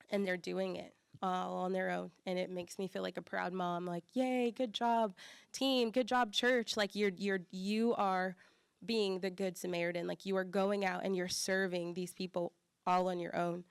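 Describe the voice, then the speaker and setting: A young woman with a slight Southern accent giving a chatty conference talk as church staff, full of fillers and lively quoted voices. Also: lowish voice, moderate pace, gravelly, clear, resonant tone, no room sound, studio quality.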